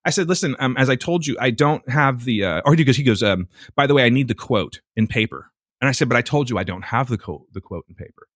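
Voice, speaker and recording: This man co-hosts a podcast and recounts a story with plenty of profanity, sounding casual, exasperated, and animated. His medium-pitched voice moves quickly with few pauses, captured in studio quality without any room sound.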